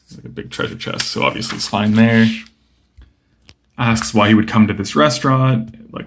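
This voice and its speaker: A young man casually flipping through a comic book and chatting about each page, relaxed and rambling with lots of fillers. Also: lowish voice, normal speed, gravelly, a little hiss or hum. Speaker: comic book video host.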